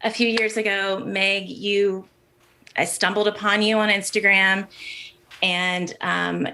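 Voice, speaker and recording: A woman's voice: medium pitch, fairly bright tone. A woman in her thirties on a video call, emotional and close to tears as she thanks someone. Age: 30s.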